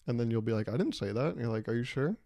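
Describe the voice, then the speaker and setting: A man's voice: medium pitch, lively intonation, racing, dark tone, no echo, clean studio sound. A man hosting a solo comedy podcast, rambling and swearing, mocking himself and arguing with himself. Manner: rambling, profane, self-mocking, argues with himself. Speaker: podcast host.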